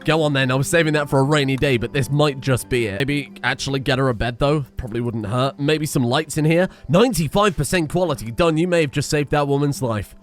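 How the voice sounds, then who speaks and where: A man giving chatty, excitable commentary while playing a game, swearing often. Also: mid-range voice, brisk, few pauses, soft background music. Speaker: gaming streamer. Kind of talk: casual gameplay commentary.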